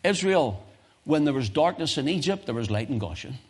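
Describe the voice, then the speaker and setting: A man with a British accent preaching a sermon, moving from quiet low musing to loud, high-pitched exhortation. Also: sing-song, fairly quick, husky.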